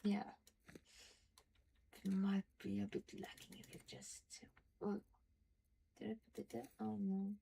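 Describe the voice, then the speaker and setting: Creaky Northern Norwegian woman streamer. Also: mid-range voice, little pitch movement, unhurried, long pauses, dark tone, a little hiss or hum, low-quality recording. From Norway. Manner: rambling, chatty and profane, mutters asides. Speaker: game streamer. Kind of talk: casual gaming commentary.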